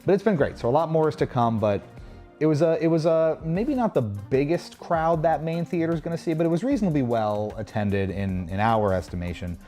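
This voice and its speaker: A man's voice: on the high side, lively intonation, a little fast, warm tone, faint music behind. A man hosting a casual livestream, rambling chattily through a convention show floor and chatting with viewers. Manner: rambling, chatty, restarts and asides. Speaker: host. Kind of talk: casual livestream walkthrough narration.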